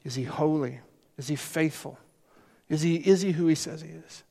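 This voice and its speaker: Brief: male pastor mid-sermon, high-pitched, insistent repetition, long hall reverb. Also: moderate pace, creaky, warm tone. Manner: emphatic, repeats phrases, rhetorical questions.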